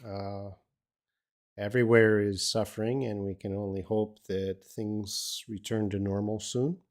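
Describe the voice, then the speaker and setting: An older Australian man, an English teacher with a lowish voice, works through learners' questions in a live English lesson. He rambles comfortably with plenty of "uh" and restarts, his tone unhurried and conversational.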